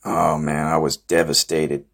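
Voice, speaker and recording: A young man with a very low voice spins a ridiculous boastful story for his podcast. He talks in a loose, rambling deadpan, full of swearing and fillers. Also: measured pace, husky. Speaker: podcast host.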